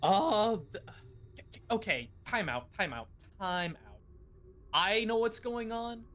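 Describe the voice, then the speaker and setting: A man's voice: high voice, big pitch swings, slow pace, a bit bright. A man chatting eagerly as a player in a tabletop role-playing game. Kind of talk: casual tabletop game chat.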